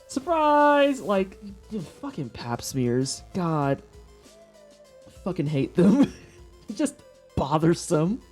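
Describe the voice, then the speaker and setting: A woman's voice: fairly low pitch, big pitch swings, slow, long pauses, darkish tone, faint music behind. A woman in her thirties chatting casually with her stream viewers, a blunt and candid storyteller who swears freely. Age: 30s. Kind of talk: casual chat. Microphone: desk microphone for headphone listeners.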